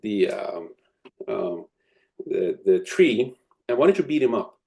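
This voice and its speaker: A smug garden owner calmly gives orders , as a man acts him out in a story. His voice is low and his tone is mocking. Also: takes it slowly, vocal fry, heavily acted. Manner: calm, mocking commands.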